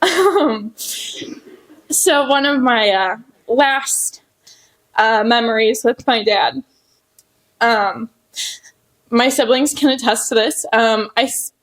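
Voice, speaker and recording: A woman's voice: fairly high pitch, slow, pauses often. Young woman giving a tearful tribute. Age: young adult. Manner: emotional, laughing through tears, many fillers. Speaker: speaker at a memorial honoring her father. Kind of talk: personal tribute speech. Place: hotel ballroom event.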